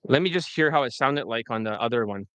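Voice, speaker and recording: A man's voice: medium pitch, lively intonation, fast, fairly bright tone, smooth, dry recording. A man working as a dating coach, talking loosely and profanely through a screen recording, full of fillers. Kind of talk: casual commentary over a screen recording.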